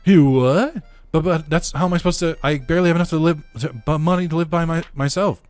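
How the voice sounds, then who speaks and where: A man's voice: expressive, brisk, dry recording, lightly acted. A man voicing a flustered young girl who runs a shop, stammering and panicky. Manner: stammering, panicky, raised pitch.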